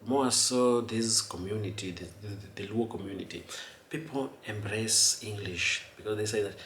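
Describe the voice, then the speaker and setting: A man talks through his point in a loose, rambling way, repeating words and asking whether you follow. His voice is lowish and bright. The room is echoey, with a faint hiss underneath. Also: moderate pace. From Kenya. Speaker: host. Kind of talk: casual commentary.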